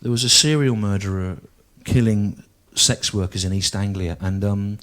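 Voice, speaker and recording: A man in his forties, from the English Midlands, does stand-up comedy. He talks in a dry, deliberate way and often repeats himself. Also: fairly low pitch, fairly even intonation, fairly bright tone. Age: 40s.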